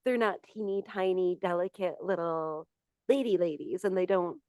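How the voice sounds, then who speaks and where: A woman's voice: lowish voice, normal speed, a little mellow, no room sound. A middle-aged woman co-hosting a podcast, chatting candidly and telling anecdotes. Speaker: podcast co-host. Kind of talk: casual chat.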